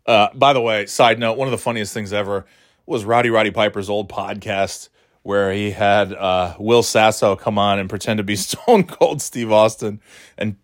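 A man's voice: mid-range voice, moderate pace, a bit bright. A man hosting his own podcast who rambles casually, swears freely and laughs often as he talks. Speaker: podcast host. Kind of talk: casual solo chat.

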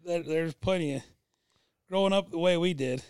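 A man with a slightly raised pitch chats casually as a podcast co-host, mostly giving short reactions. The sound is close and dry. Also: moderate pace, a little mellow, clear, resonant tone, no echo. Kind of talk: casual chat.

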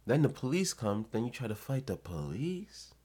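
A man's voice: medium pitch, sing-song, normal speed, warm tone, breathy edge. Blunt, profane man ranting to camera. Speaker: vlogger giving advice. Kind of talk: casual rant to camera.

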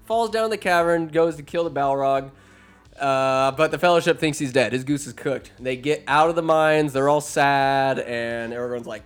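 A man's voice: fairly high pitch, normal speed, clean tone. A man casually retelling a fantasy film for laughs, rambling and profane, with sarcastic asides. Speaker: comedic film recapper. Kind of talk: casual comedic story recap.

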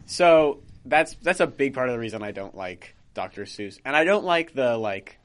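A man's voice: mid-range voice, expressive, moderate pace. A young man co-hosting a casual podcast chat, rambling with lots of fillers and restarts. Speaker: podcast co-host.

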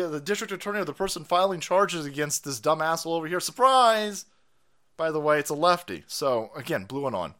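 Male stream host: profane political rant, sarcastic and loud, fairly high, very lively pitch. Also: a little fast. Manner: loud, crude, sarcastic, laughing.

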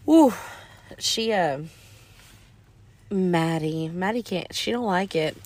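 A woman, co-hosting a podcast and telling stories in a casual, animated way. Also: on the low side, slow pace. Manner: animated, acts out quotes in exaggerated voices. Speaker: podcast co-host. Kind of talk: casual storytelling chat.

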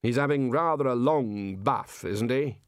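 A man's voice: mid-range voice, measured pace, dry recording, natural voice. Man doing a fussy old wizard, gossipy drawl, dry close sound. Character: fussy older male wizard dean.

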